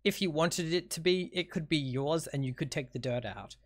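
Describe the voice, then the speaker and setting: A man's voice: on the high side, moderate pace. A man running a tabletop game as game master, narrating with lots of fillers. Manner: filler-heavy, meandering narration.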